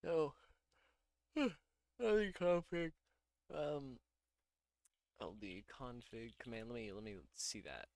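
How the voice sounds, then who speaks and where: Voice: mid-range voice, animated, takes it slowly, long pauses, darkish tone, no echo, studio quality. A programmer thinking aloud while coding in a casual vlog, muttering to themself and laughing at their own mistakes.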